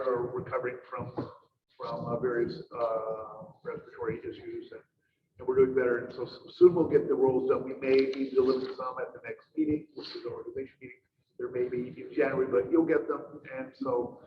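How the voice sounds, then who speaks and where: A man chairing a school board meeting, giving formal remarks in a halting way with many fillers and repeated words. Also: mid-range voice. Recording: distant, muffled, roomy with noise.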